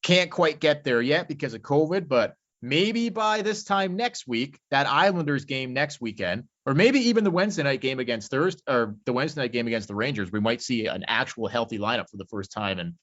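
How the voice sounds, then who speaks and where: A man's voice: medium pitch, lively intonation, fairly quick, hardly any pauses, a bit bright. Man, casual sports podcast host, rambling, swears a lot, slightly muffled lo-fi sound. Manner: loose, rambling, swears freely. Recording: slightly dull lo-fi audio.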